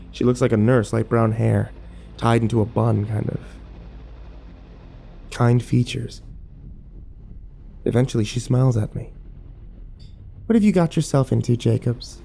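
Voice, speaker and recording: A man narrating a first-person horror story in a measured voice. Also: lowish voice, level tone, creaky, dark tone, slight background noise.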